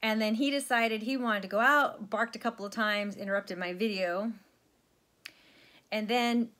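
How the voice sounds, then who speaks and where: A woman's voice: fairly high pitch, steady tone, normal speed, bright, forceful tone. A middle-aged woman talking casually to camera in a stitching vlog, rambling and chatty, often laughing at herself. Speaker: FlossTube vlogger.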